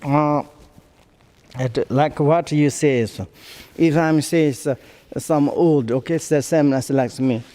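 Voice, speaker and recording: An older man giving a Buddhist dharma teaching, speaking halting English and searching for words as he goes. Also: a little high, warm tone. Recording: long hall reverb.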